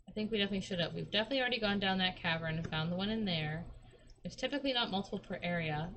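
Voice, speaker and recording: A hoarse young woman who has lost her voice, chatting and swearing casually while streaming a game. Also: medium pitch, fairly bright tone, a little hiss or hum. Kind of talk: casual gameplay commentary.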